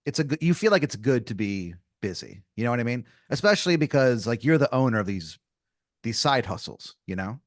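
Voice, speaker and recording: A man hosting an improvised comedy podcast, laying out a long scenario with halting restarts. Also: mid-range voice, sing-song, no room sound, clean studio sound. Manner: rambling, hesitant setup full of restarts. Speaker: podcast host.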